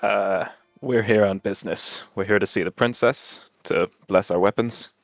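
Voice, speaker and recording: Player, man, lower voice, dry close sound, faint music. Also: steady tone, normal speed, vocal fry, fairly bright tone, no room sound. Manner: stammering, laughing, joking. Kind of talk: casual tabletop play.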